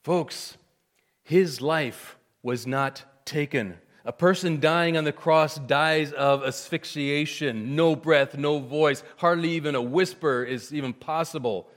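A man's voice: a little high, takes it slowly. Dramatic preacher man in a reverberant hall. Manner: dramatic, swinging from hushed to loud. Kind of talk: sermon.

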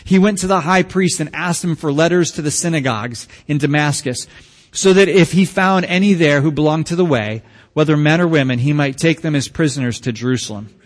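A male pastor delivers a sermon in a casual, joking way, talking with the congregation. His voice sits a little high for a man. The sound rings with a long hall reverb. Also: brisk.

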